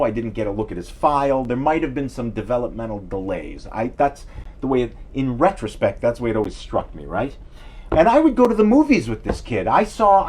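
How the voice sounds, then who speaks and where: A man's voice: mid-range voice, a little mellow, breathy edge. A middle-aged man hosting a live stream, telling rambling self-deprecating stories and answering viewer comments. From New York City area. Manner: digressive storyteller, chatty, self-deprecating, reads viewer comments aloud. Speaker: livestream host.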